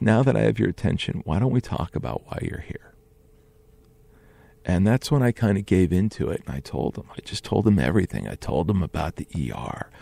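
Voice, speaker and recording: A man's voice: on the low side, vocal fry, mellow, husky, no room sound. A man telling a personal story in an earnest, conversational way, often restarting his sentences. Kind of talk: first-person storytelling monologue.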